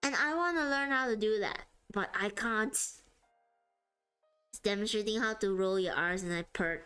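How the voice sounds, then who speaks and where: A woman's voice: mid-range voice, moderate pace, sharp tone, clean tone, soft background music. A woman streaming live while she draws, chatting casually with viewers and laughing often. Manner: giggly and chatty, often laughing mid-sentence. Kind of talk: casual livestream chat.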